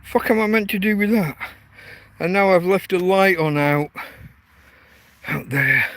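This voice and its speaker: High-voiced sweary man. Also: unhurried, a bit bright. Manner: exasperated, sweary, talks to his dog. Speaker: livestream host. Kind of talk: casual night-time livestream chat. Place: tent in a field.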